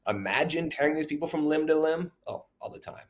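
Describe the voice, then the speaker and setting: A man's voice: a little high, a little fast. A man, a former social worker, telling his own stories in an interview and acting out the voices of people in them. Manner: animated, acts out quoted voices. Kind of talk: storytelling interview.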